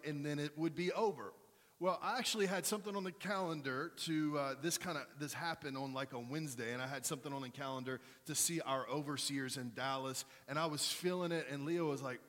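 A man's voice: fairly high pitch, fairly bright tone. A man in his thirties, a pastor preaching a sermon, telling a personal story in a casual, conversational way with self-deprecating humor. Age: 30s. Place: large church hall. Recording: long hall reverb.

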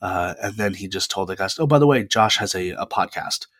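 Rambling young man with a low voice. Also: animated, a bit bright, dry recording, clean studio sound. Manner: chatty and rambling, with frequent pauses. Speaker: podcast host. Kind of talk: casual solo podcast monologue. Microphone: close podcast mic.

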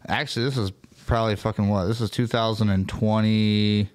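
A man hosting a casual podcast chat, telling a story in an animated, profanity-laced way. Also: on the low side, a little fast, smooth. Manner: animated storytelling with frequent swearing. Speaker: podcast host.

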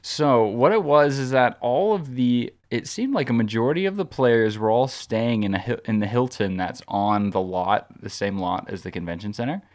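A man's voice: mid-range voice, animated, normal speed, few pauses, darkish tone. Rambling man telling a casual story. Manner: rambling, restarts often, many "like" fillers. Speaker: podcast co-host.

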